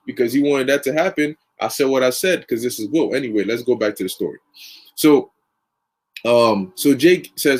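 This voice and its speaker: A man's voice: mid-range voice, moderate pace. A man preaching through a long story in casual, slangy, conversational talk. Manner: conversational, lots of fillers and restarts, slang.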